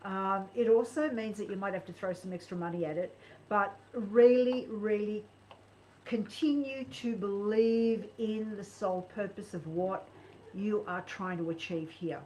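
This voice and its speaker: A woman gives tarot readings on a live stream, earnest and encouraging. She builds up her points with animated emphasis, and a faint noise sits under her voice. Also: medium pitch, unhurried, low-quality recording.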